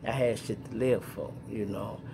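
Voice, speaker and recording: A man's voice: lowish voice, moderate pace, creaky, background noise. A middle-aged man from Chicago with a Chicago accent, telling street stories to his viewers in slang-heavy casual talk. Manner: animated storyteller acting out sounds and voices.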